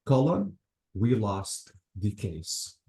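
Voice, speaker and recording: Low, mellow-voiced man teaching grammar. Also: expressive, measured pace. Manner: methodical, repeats cue words like "notice" and "absolutely". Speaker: English teacher. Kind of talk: classroom grammar explanation. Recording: echoey room.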